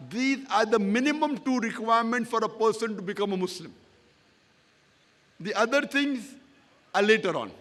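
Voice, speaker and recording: A man lecturing in a public question-and-answer talk, emphatic and repetitive, often checking that he is understood. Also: high voice. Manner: emphatic, repeats points, checks agreement with "correct?". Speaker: Islamic lecturer answering an audience member.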